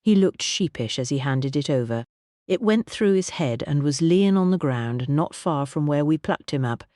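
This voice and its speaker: Measured, dry audiobook narrator. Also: medium pitch, animated, mellow, no room sound. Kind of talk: scripted narration.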